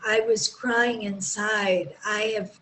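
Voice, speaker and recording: A woman on a video call speaks in an extremely slow, drawn-out way, effusive and moved. A faint hum of room noise sits behind her voice. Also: mid-range voice, steady tone, fairly bright tone, low-quality recording. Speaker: meeting participant.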